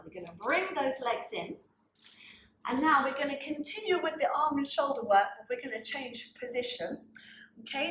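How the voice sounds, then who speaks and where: A woman's voice: high-pitched, a bit bright, reverberant, a little hiss or hum, rough recording. Breathless woman coaching pilates. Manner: counts reps and cues breathing while exercising. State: slightly out of breath. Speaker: pilates instructor. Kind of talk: guided workout instruction.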